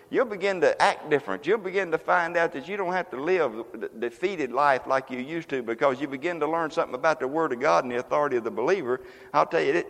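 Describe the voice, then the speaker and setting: A male pastor preaches in a homespun, storytelling way and keeps swelling into loud cries. His voice sits a little high for a man, and it carries in a church with a long reverb trailing behind it. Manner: folksy preaching, rising to loud exclamations. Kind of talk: sermon. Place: church sanctuary.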